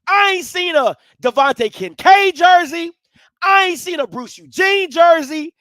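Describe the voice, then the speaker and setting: A man hosting a live sports talk stream, swinging from low musing to loud, animated ranting. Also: measured pace, dry recording. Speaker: sports commentary host.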